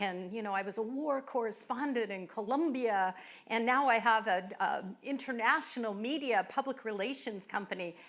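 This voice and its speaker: A woman's voice: on the high side, a bit bright. A woman hosting a live event, introducing guests with effusive thanks and frequent fillers. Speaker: event host. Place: winery event venue.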